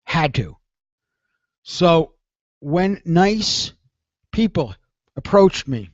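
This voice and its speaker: A man's voice: on the high side, no echo, dull audio. A man hosting a call-in radio show, talking in a rambling, self-deprecating way and often repeating himself. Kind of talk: confessional call-in radio monologue.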